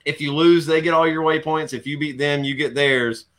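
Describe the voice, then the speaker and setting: Joking male host, loose slangy banter, bright forceful tone. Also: fairly high pitch, fairly even intonation, moderate pace. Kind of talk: casual podcast chat.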